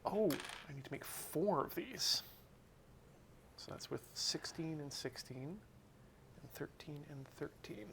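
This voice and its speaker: A man's voice: on the high side, expressive, slow pace, vocal fry, long pauses, noisy background. A man co-hosting a hobby stream, chatting casually and explaining his model build as he works. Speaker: stream co-host. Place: streaming studio.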